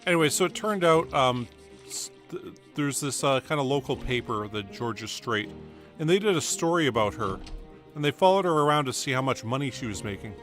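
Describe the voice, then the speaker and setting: A man's voice: medium pitch, lively intonation, fairly quick, a bit bright, soft background music. A man, streaming a game and telling meandering stories full of fillers and restarts. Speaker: gaming streamer. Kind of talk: rambling casual storytelling over gameplay.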